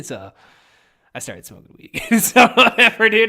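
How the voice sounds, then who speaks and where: A man's voice: fairly high pitch, big pitch swings, moderate pace, pushed and bright. A young man hosting a podcast in casual, rambling solo chat, swearing constantly and getting over a head cold. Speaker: podcast host.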